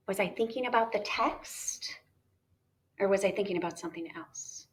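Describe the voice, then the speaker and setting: A woman teacher talking students through a reading lesson, chatty and animated, modeling her thoughts aloud. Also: medium pitch, moderate pace. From United States.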